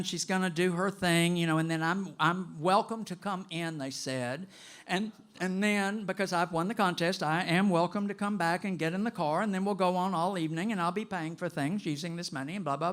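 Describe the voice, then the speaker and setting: A man in his late sixties telling a personal story to a live audience, animated and gossipy, with dramatic pauses. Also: high-pitched. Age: 60s.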